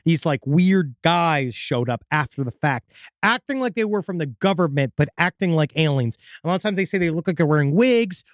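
A man's voice: a little high, expressive, normal speed, no echo. A man co-hosting a podcast, casually reading out a listener's creepy story and swearing now and then. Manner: casual, profane, dips into voices for quoted people.

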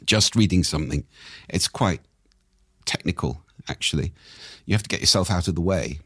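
An older man with a croaky voice, coaching on speaking in a casual, animated conversation. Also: normal speed, no room sound, studio quality. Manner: animated, swoops up and down in pitch.

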